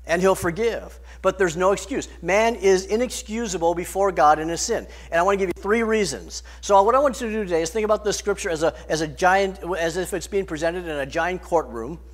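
High-voiced man preaching a sermon. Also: fairly quick, few pauses. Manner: emphatic preaching with swings in loudness and pace. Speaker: pastor.

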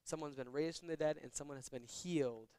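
Guy doing a chill bible lesson, smooth voice, dry close mic, reads verses then just talks. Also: on the high side, a little mellow, no room sound. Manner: reads verses slowly then explains in casual, conversational asides. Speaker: Bible teacher. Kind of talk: Bible teaching with scripture reading.

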